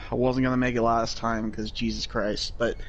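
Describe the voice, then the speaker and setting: A man's voice: medium pitch, little pitch movement, a little slow, dull audio, slight background noise. A man co-hosting a casual wrestling review, making jokes and laughing often. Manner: joking, laughs between lines. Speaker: podcast co-host.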